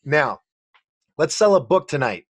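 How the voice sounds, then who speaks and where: A man's voice: fairly high pitch, sing-song, a little slow, a bit bright, dry recording. A man hosting a talk show, interviewing a guest with easygoing, casual chat and brief responses. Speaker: show host.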